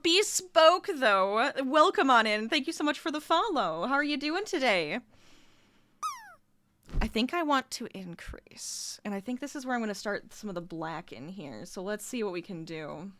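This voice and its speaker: A woman's voice: high-pitched, big pitch swings, normal speed, fairly bright tone, dry recording. A young adult woman streamer chatting casually and laughing often while she crochets at her desk at home. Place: home room.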